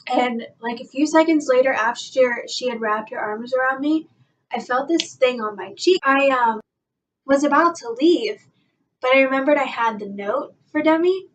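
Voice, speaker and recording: A young woman telling an excited fan story in a vlog, gushing and breathless, full of "like" and "guys". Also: high voice, normal speed, muffled recording. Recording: voice a bit far from the mic, faint background noise.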